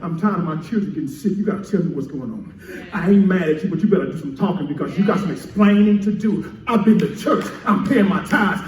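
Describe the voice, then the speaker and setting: A man preaching a sermon as pastor, building up to shouts and calling for answers from the congregation. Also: high voice, animated, a little fast, crowd noise. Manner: preaching with rising shouts and call-and-response. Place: church sanctuary. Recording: echoey church, mic heard from a distance.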